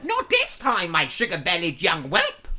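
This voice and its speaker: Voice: mid-range voice, huge pitch swings, unhurried, pushed and bright, soft background music, exaggerated voice. A radio host voicing a flustered British butler in a comic fan-fiction reading. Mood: excited. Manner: yelping, overexcited.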